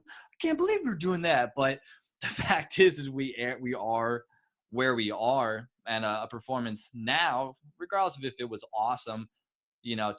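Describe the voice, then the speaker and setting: A young adult man chatting as an interview guest, relaxed and conversational. He tells stories with energy, acting out what others said in a higher, louder voice. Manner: animated storyteller, acts out quotes in a raised voice. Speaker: guest, pro obstacle course racer. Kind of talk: casual interview chat.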